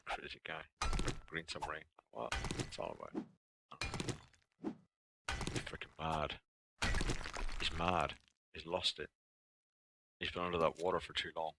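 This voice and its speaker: A man's voice: very deep voice, fairly even intonation, a little slow, creaky, pauses often. A man casually commenting while he plays a survival game, muttering to himself and humming between remarks. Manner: talks to himself, mutters and hums. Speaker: gamer. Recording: noisy game audio behind.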